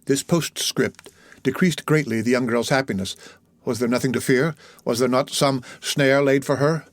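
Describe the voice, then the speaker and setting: Dry, measured male audiobook narrator. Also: medium pitch, fairly even intonation, no echo. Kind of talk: scripted narration of a classic novel.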